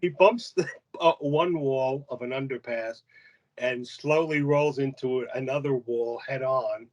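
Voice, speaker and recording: A man's voice: mid-range voice, unhurried, a little mellow, lo-fi sound. A man co-hosting a casual movie review podcast, recapping the plot in a laid-back way. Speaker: podcast co-host.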